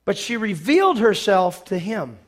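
Animated high-voiced preacher telling a story. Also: male voice, normal speed. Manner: animated storytelling, acting out scenes, sudden loud bursts. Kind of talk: sermon with movie retelling.

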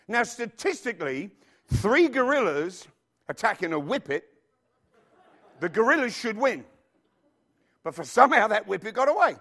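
A man preaching a sermon, emphatic and animated, throwing rhetorical questions at his congregation. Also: high voice, normal speed, long pauses.

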